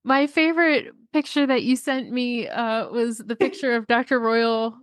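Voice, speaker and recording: A woman co-hosting a casual podcast, upbeat and quick to laugh. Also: a little high, steady tone, smooth, no echo. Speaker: podcast co-host.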